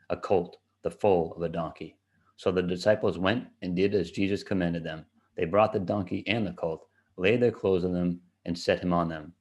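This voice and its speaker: A man giving a steady, measured reading of scripture aloud. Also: sits low. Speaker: scripture reader.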